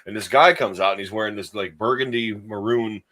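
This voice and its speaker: Podcast guy from upstate new york, bright voice, rambles through a story with lots of fillers. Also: on the low side, fairly quick. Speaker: podcast co-host. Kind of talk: casual chat, anecdotes.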